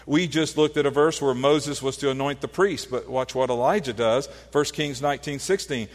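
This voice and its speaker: A man's voice: medium pitch, moderate pace, long reverb tail. A man preaching a sermon, teaching earnestly with rhetorical questions and frequent restarts. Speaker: pastor.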